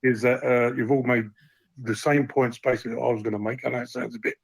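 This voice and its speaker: A man's voice: mid-range voice, flat delivery, fast, gravelly, slightly rough, no echo, low-quality recording. A man calling into a live fan show, talking in a rambling, frank way and swearing freely. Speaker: caller. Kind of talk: phone-in chat.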